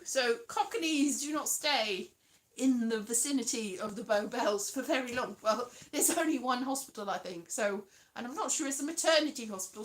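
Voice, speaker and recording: A woman's voice: sits high, a bit bright. A woman hosting a casual live chat, rambling and giggling, now and then slipping into silly put-on voices. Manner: chatty and giggly, rambling with frequent laughs; slips into silly put-on voices and sung bits. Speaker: host of a live weekly stream.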